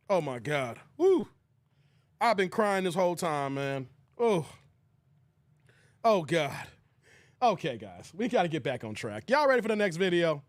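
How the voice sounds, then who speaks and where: A man's voice: a little high, dry recording. A young man hosting a casual live stream, laughing and talking in loose slang with his chat. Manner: laughing hard, animated, slangy.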